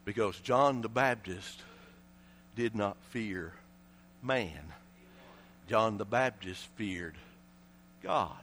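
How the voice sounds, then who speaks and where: A man with an Appalachian accent preaching a sermon, telling the story dramatically, swinging between shouting and low hushed tones.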